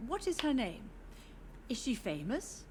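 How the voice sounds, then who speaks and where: Brief: high, lively-voiced old mother, lost in grief, wistful and drifting, video game dialogue over loud score. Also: unhurried, a little hiss or hum, full character voice. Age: older. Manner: wistful, drifting, gently insistent. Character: frail grieving old mother, confused, haunted by her dead. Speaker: game character.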